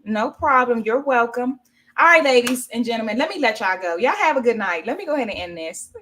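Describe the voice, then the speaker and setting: A woman's voice: fairly high pitch, expressive, a little fast, a bit bright, a little hiss or hum. A woman from Washington, D.C. hosting a casual livestream, reading viewer comments aloud and chatting at length over a video call. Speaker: livestream host.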